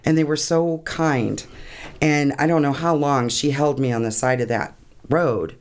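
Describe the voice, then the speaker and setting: A woman's voice: low voice, unhurried, a little mellow. Emotional woman telling a personal story. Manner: earnest, emotional, laughs often. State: tearing up. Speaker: guest.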